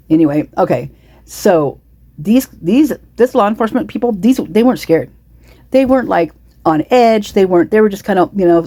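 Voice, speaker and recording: A woman rambles through casual true-crime commentary, indignant and repetitive, with a low, dark and husky voice. She has the hiccups, and the dry, close sound carries no room around her. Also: no room sound. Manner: indignant, repetitive, many restarts and asides.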